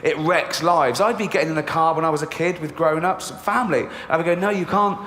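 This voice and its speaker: A man with an English accent doing a stand-up routine, deadpan with dark jokes. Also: on the high side, fast talker. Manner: deadpan, dark jokes, mimics childish voices. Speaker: stand-up comedian. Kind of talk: stand-up routine played in a reaction video. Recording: echoey room, audible noise.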